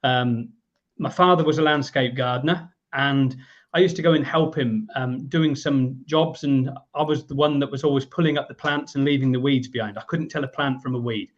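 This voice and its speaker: A man's voice: mid-range voice, normal speed. English man in his fifties, muffled audio. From England. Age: 50s. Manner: lively storyteller, briefly voicing the people in his story. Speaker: guest, business owner. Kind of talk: storytelling in a podcast interview.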